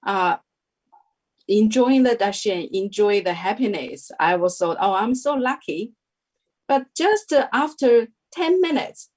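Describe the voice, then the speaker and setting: A young adult woman giving a halting interview testimony, full of fillers and restarts. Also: mid-range voice. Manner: hesitant, many fillers and restarts. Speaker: devotee sharing a testimony.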